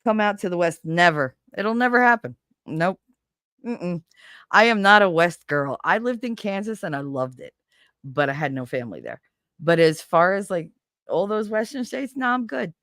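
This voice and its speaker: A woman with a lowish voice, recorded dry and close, chatting casually on a stream. She tells stories in an animated, foul-mouthed way, laughing often and acting out the people she quotes. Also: moderate pace, no echo. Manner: animated, swears freely, acts out quoted voices. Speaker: stream co-host. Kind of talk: casual storytelling chat.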